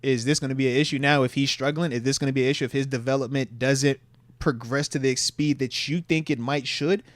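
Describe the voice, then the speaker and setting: A man, a former pro football player, co-hosting a casual sports podcast in an animated, slangy way. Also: mid-range voice, fairly quick, no room sound. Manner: animated, slangy, acts out quotes in hushed voice.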